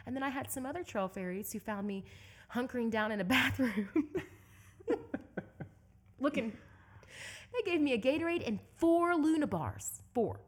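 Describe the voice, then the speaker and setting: A young woman from Southeast Texas telling a story as an interview guest, animated and laughing often. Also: high-pitched, measured pace, pauses often. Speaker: guest, endurance bike racer.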